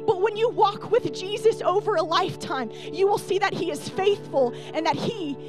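A young woman preaches a sermon in a high, clear voice. She speaks tenderly and earnestly, then swells to emphatic, ringing declarations. Soft music plays faintly underneath. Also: moderate pace. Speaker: pastor.

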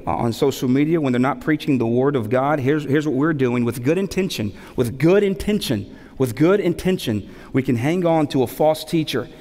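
A man in his thirties, a pastor preaching a sermon, animated and repeating key phrases for emphasis between humorous stories. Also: mid-range voice. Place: church sanctuary. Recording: long hall reverb.

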